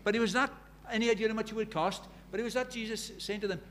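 A man's voice: sits high, steady tone, fast talker, a bit bright, a little hiss or hum. A man preaching a sermon, telling stories in a conversational way and building to urgent emphasis.

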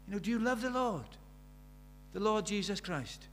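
A middle-aged man preaching a sermon. He drops to near-whispers and then rises to loud, urgent questions. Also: high-pitched, moderate pace, slight background noise. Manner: swings from hushed intimacy to loud urgent questions.

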